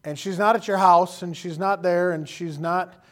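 Folksy preacher, fairly high voice. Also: male voice, fairly even intonation, moderate pace, a bit bright. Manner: folksy, joking asides with quoted voices. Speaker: pastor. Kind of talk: sermon.

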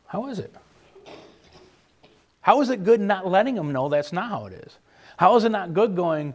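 A man preaches from the pulpit, his fairly high voice rising and falling with lively, animated swings. He hammers on key phrases by repeating them. He slips into the voices of the people he quotes. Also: moderate pace, long pauses. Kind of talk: sermon.

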